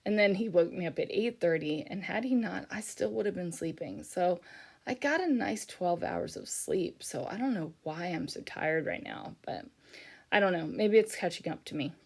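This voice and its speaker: A middle-aged woman talks through a craft video in a relaxed, rambling voiceover, her voice sitting a little low. She sounds worn out, yawning between thoughts and filling pauses with frequent ums. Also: creaky. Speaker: scrapbooking YouTuber. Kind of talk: casual voiceover chat.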